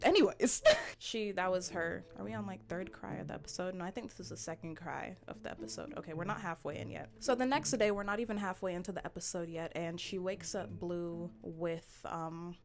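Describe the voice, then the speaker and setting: A woman's voice: on the low side, fairly quick, vocal fry. A woman recapping a reality show in casual commentary, playful and blunt, laughing often and dropping slangy asides. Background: background music.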